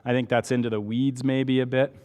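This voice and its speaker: A man's voice: mid-range voice, little pitch movement, a little fast, a little mellow. Canadian man lecturing in a reverberant hall. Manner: explains step by step, asks rhetorical checks like "right?". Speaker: medical lecturer. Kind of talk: conversational lecture.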